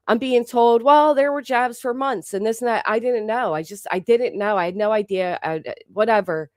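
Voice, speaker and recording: In a mid-range, darkish voice, a woman hosts a rambling, profane livestream, constantly restarting what she says and reading out thanks to her chat. Her throat sounds a little sore, and the recording is dry and close with no echo or room around her.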